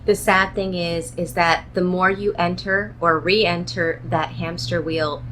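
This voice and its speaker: Measured woman coaching on relationships. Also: on the low side, fairly even intonation, fairly bright tone, slight background noise, poor audio. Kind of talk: direct-to-camera advice talk.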